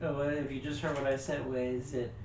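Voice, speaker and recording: A man co-hosting a casual movie review, halting and searching for names, with blunt swearing. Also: medium pitch, level tone, a little mellow. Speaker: podcast co-host. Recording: echoey lo-fi room with faint noise.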